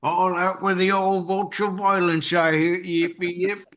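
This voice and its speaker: A crude young gang leader, as a man puts him on. The voice sits high and brags in a mock-tough way. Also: little pitch movement, measured pace, fairly bright tone. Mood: menacing. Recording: online video call.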